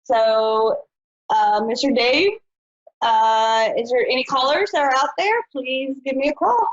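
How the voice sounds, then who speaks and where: A woman's voice: high-pitched, unhurried. A woman hosting a live call-in psychic show, chatty and folksy. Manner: chatty, folksy, says honey and y'all. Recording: dull lo-fi live stream.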